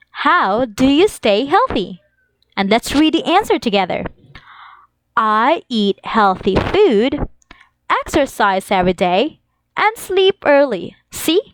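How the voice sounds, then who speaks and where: A woman teaching an English lesson to young children, reading examples slowly in an exaggerated sing-song way. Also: on the high side, no echo.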